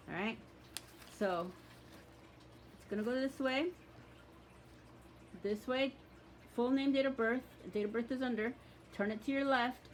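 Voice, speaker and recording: A woman's voice: medium pitch, slight background noise. A woman teaching a ritual, speaking blunt, profane commands, then giving casual step-by-step instructions. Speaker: spiritual practitioner teaching a ritual.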